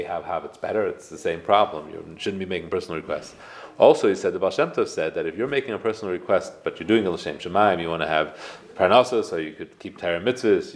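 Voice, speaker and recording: A man's voice: deep voice, gravelly. A man teaching a casual Torah class, explaining prayers with rhetorical questions. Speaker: rabbi giving a class.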